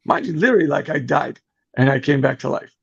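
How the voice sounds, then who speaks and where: A middle-aged man with a deeply gravelly, husky voice tells a story in a casual podcast chat, lively and acting out what others said. The audio is muffled and lo-fi. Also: quick pace. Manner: animated, acts out quoted voices. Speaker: podcast guest.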